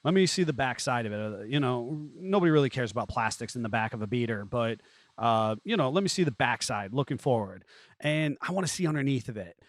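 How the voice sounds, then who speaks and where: A man hosting a show, giving casual commentary with sarcastic, wisecracking asides and animated jumps in pitch for jokes. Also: brisk, no echo. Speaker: host reviewing used Jeep listings.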